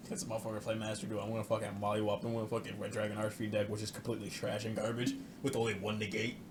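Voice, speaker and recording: A man's voice: fairly low pitch, fairly even intonation, racing, hardly any pauses, noisy background. A young man chatting casually on a podcast, telling loose rambling stories, swearing a lot and laughing often. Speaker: podcast host. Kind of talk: casual chat.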